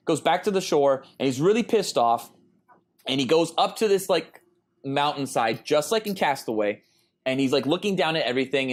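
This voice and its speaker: A man in his thirties with a fairly high voice chats on a podcast. He tells a long story in a loose, rambling way, full of ums and uhs. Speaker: podcast co-host. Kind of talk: casual podcast chat.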